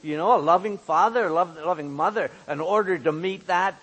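A man's voice: sits high, fairly quick, fairly bright tone, breathy edge, in a large hall. A man pastor giving an earnest sermon, often repeating words as he searches for the next one. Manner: earnest, repeats words while finding them.

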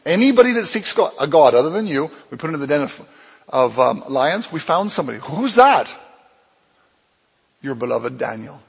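A man pastor preaching a sermon, telling a Bible story with lively acted-out dialogue. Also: normal speed, gravelly, breathy edge. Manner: animated storytelling, acts out dialogue with swings in pitch and loudness. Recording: long hall reverb.

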